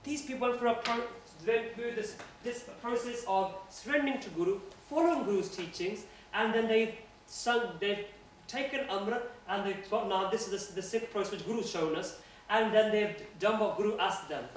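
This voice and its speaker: Earnest male guest speaker, fairly high voice, informal religious talk, distant mic in a boomy room. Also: moderate pace. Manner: earnest, conversational. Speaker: guest speaker at a university society. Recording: echoey room, voice from afar, faint noise.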